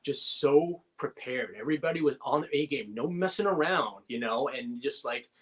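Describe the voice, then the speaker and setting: A middle-aged man, an actor as a guest in a casual interview, telling animated anecdotes with quick laughs. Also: mid-range voice, husky.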